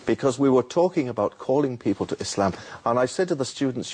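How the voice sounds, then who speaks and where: A man explaining how to invite people to Islam, telling a lively story and acting out a street vendor's calls. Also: medium pitch, quick pace, breathy edge. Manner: animated, repeats words, acts out a street vendor's calls. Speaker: Muslim preacher guest.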